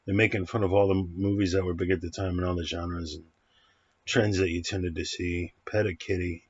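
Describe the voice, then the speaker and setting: A man's voice: low-pitched, flat delivery, a little fast, breathy edge, no echo. Rambling man in a dry, dull recording. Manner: rambling, scattered, many fillers and restarts. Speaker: movie reviewer. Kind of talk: casual rambling film review.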